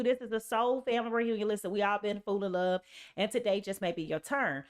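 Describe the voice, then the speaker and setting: A woman reading tarot on a live stream in an emphatic, casual way, often saying "okay" and "y'all". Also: fairly high pitch. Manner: sings snatches of songs and reads lyrics aloud. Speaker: tarot reader.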